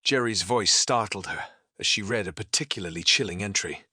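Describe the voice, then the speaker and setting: A man narrating a fan fiction story with an expressive, lively reading. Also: fairly low pitch, fairly quick, slightly rough, no echo, clean studio sound.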